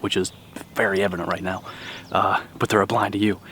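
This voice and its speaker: A man's voice: low-pitched, little pitch movement, brisk, a bit bright, a little hiss or hum. A man whispering outdoors in the woods, hosting a hunting vlog on a camera mic, with birds heard around him. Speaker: hunting video host.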